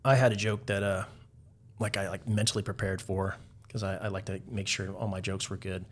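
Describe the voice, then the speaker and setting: A man with a fairly low voice tells stories as a podcast guest. He rambles easily, leans on "like" and "um," and chuckles at his own stories. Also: flat delivery, fairly quick, a little hiss or hum. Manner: rambling, heavy with "like" fillers, chuckles while telling stories. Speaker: podcast guest, Navy veteran. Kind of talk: casual storytelling interview.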